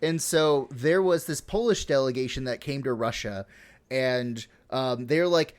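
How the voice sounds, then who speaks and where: A man's voice: medium pitch, measured pace. A man hosting a podcast, casually retelling history with lots of swearing, laughs and fillers. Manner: profane, laughing, full of fillers. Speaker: podcast host.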